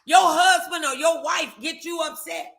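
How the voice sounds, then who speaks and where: A woman's voice: very high voice, unhurried, creaky, a bit bright, a little hiss or hum. A woman co-hosting a podcast, giving emphatic faith-based advice, repeating her phrases. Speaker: podcast co-host.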